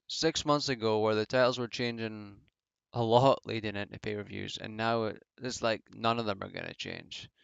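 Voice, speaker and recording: A man's voice: on the low side, gravelly, fairly bright tone, clear, resonant tone, dry recording. A man giving casual solo commentary as a wrestling reviewer, rambling and offhand with many fillers. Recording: dull lo-fi home mic.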